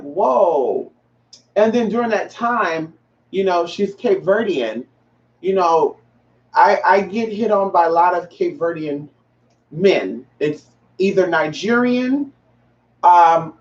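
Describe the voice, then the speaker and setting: A transgender woman hosting a casual livestream, chatting with viewers in a sassy, profane way and calling them honey and girl. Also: on the low side. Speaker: livestream host. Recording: roomy, distant, dull lo-fi sound.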